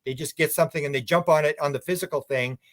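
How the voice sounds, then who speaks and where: A man's voice: a little high, quick pace, fairly bright tone. A man guest on a radio talk show, telling rambling anecdotes with many restarts. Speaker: UFO researcher guest. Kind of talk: casual radio interview chat.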